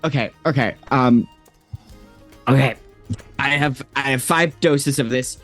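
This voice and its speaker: A man's voice: medium pitch, a little slow, a bit bright, soft background music, close to an everyday voice. A man voicing a nervous, awkward young healer who stammers and hesitates, in a tabletop game. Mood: hesitant.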